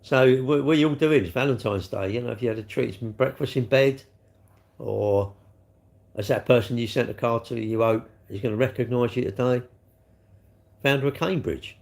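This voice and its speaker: A man's voice: mid-range voice, normal speed, gravelly, darkish tone. A man chatting casually on a live stream, answering his viewers in a rambling, sarcastic way with lots of tag questions.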